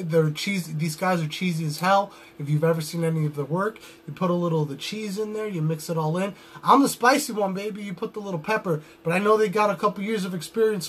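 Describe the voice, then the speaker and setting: A man's voice: high voice, slight background noise. A young adult man cutting a wrestling promo with boastful, trash-talking swagger.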